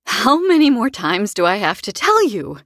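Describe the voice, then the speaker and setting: A woman voicing a sour, vicious old female crone in an audiobook, speaking in a sharp, scolding and sarcastic way. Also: mid-range voice, big pitch swings, moderate pace, no echo, clean studio sound. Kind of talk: audiobook character voice.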